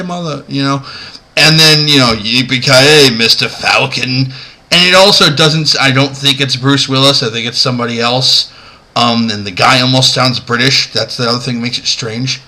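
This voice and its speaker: Man with a sharp, bright voice, talking casually and rambling as he counts down a list. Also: medium pitch, low-quality recording. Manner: chatty, rambling, amused, many fillers. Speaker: vlogger ranking movie moments. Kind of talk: casual video commentary.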